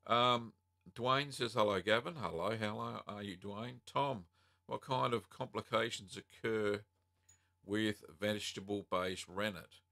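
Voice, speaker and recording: An Australian man with a low voice and a bright, forceful edge to his tone. He hosts a casual live-stream Q&A from home. He reads out viewer questions and chats through his answers with plenty of ums and uhs. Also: takes it slowly, vocal fry. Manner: relaxed and chatty, many ums and uhs, reads out chat comments.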